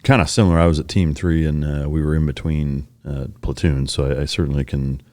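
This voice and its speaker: A man's voice: rumbling low, fairly even intonation, a little fast, darkish tone. A man hosting a podcast, asking short, plain follow-up questions in a casual interview.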